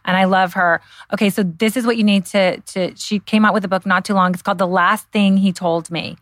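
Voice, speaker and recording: Middle-aged woman, podcast co-host, casual chat, gushing, excitable, dry close sound. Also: medium pitch, fairly quick, no echo. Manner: gushing, excitable, trails off mid-sentence.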